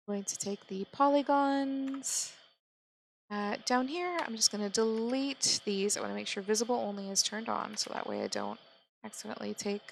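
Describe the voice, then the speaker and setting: A woman with a slightly high voice and a gravelly edge, talking slowly through a screen-recorded tutorial. She gives calm step-by-step instructions and thinks aloud as she works. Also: rough recording. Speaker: 3D modeling tutor.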